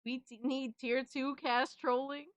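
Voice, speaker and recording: A woman's voice: high-pitched, flat delivery, measured pace, no room sound. A young adult woman hosting a live stream in casual chat. She swears freely and coos at her cat.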